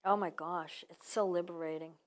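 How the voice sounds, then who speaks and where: A woman's voice: fairly low pitch, steady tone, moderate pace. A woman author telling her personal story in an earnest, reflective way during an interview. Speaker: author guest. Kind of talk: casual interview.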